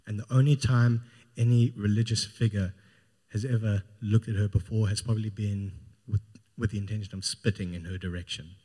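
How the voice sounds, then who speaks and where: A man's voice: lowish voice, mellow. A man preaching a sermon, retelling a Gospel story in an informal, storytelling way. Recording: long hall reverb.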